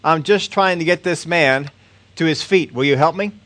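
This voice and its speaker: A bright, well-off woman who keeps smiling and will not take no for an answer, as a male preacher puts her on while reading a story aloud. Her voice sits a little high and stays polite and firm. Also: moderate pace, lightly acted. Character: wealthy kind woman, cheerful and persistent.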